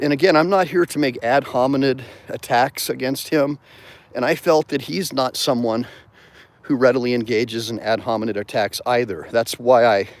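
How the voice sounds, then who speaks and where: Man, attorney host, casual livestream talk, walking outdoors, mid-pitched, digressive, thanks viewers.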